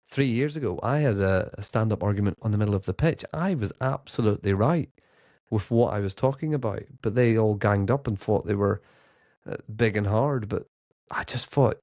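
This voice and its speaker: A man's voice: medium pitch, dry recording. A man, a grassroots football coach, telling a heartfelt story in a casual, earnest monologue. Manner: earnest, animated when quoting others.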